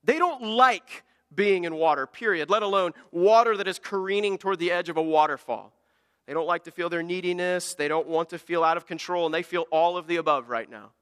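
A man preaching a sermon as a pastor, animated and swinging between loud emphatic peaks and quiet asides. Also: high voice, a little fast, smooth. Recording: long hall reverb.

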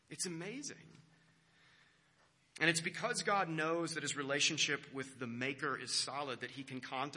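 A man's voice: mid-range voice, pushed and bright. A young American man, a pastor, giving a conversational sermon full of self-deprecating stories and restarts. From United States.

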